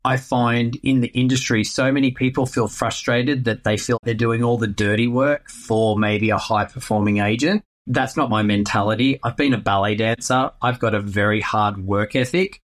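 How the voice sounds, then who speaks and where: A man talks about his work in a relaxed interview. He tells stories in a playful, lively way, and his voice sits in an ordinary middle pitch. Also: normal speed, few pauses. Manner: animated, playful storyteller. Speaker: real estate agent. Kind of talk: casual interview answers.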